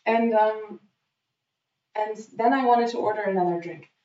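A woman's voice: medium pitch, measured pace, far from the mic. A woman telling a funny story in casual chat, acting out what people said. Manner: lively storyteller acting out quotes. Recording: dull, roomy, off-mic sound.

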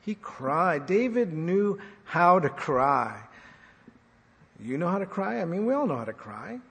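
A male pastor preaching a sermon, swinging between loud and soft, asking the congregation questions. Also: high-pitched, big pitch swings, a little slow, creaky, husky. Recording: echoey hall reverb.

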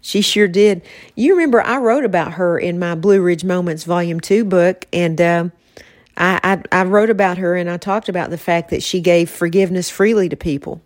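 Soft-spoken woman hosting a podcast. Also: lowish voice, normal speed, dry recording, clean studio sound. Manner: soft-spoken, reflective, emotional at times. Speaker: podcast host. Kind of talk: casual faith-based podcast chat.

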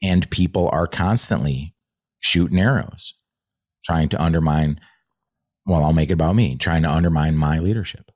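A man's voice: extremely low pitch, moderate pace, a little mellow, dry recording, studio quality. A man who trains leaders, talking earnestly in a podcast conversation and swearing freely.

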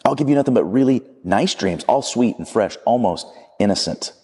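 A preacher doing a coaxing, mocking lizard tempter. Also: male voice, mid-range voice, animated, moderate pace, warm tone, husky, big-room sound. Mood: wheedling. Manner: wheedling and coaxing. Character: pleading, mocking red lizard tempter, male.

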